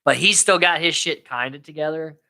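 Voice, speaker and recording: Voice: medium pitch, a little fast, bright, forceful tone. A co-host casually retelling movie scenes on a podcast, slipping into quoted character voices. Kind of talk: casual movie recap chat.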